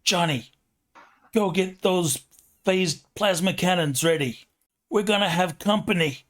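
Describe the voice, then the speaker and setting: A man's voice: high-pitched, measured pace, voice pushed up. A man voicing a stubborn, protective alien mother of a big family, with a thick New York accent, in a tabletop game. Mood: fierce. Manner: defiant, fierce.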